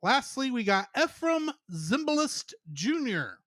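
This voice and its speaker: A man's voice: very high voice, big pitch swings, measured pace, fairly bright tone, no room sound, studio quality. A man co-hosting a casual podcast, reeling off cast trivia in a chatty way and laughing often. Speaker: podcast co-host.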